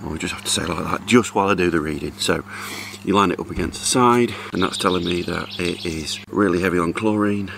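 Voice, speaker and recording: Middle-aged vlogger, low gravelly voice, chatty and rambling, handheld camera outdoors, faint background hiss. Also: male voice, brisk, a bit bright. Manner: chatty, rambling, talks to camera while doing chores. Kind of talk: casual vlog chat. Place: outdoors in a back garden by a hot tub.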